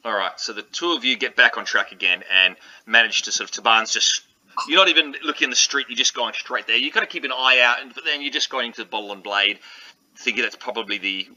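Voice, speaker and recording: A man's voice: mid-range voice, fast, sharp tone, dull audio. A man narrating a tabletop role-playing game as game master, describing scenes with frequent restarts. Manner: hesitant, full of restarts while describing scenes.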